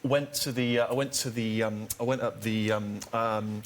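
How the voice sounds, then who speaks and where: A man's voice: lowish voice, fairly even intonation, a little hiss or hum. A British man on a chat show telling a comic story, stumbling over ums and giggling as he goes. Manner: halting, stumbling with many ums, giggling through it. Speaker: comedian guest. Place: TV studio with audience.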